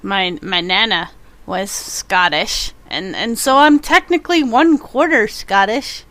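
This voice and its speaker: A woman's voice: mid-range voice, measured pace, sharp tone, dry recording. A young woman from Canada, chatting casually and giggling as she streams a game and talks to her viewers. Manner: chatty, giggly, reacts to chat. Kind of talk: casual chat with live viewers.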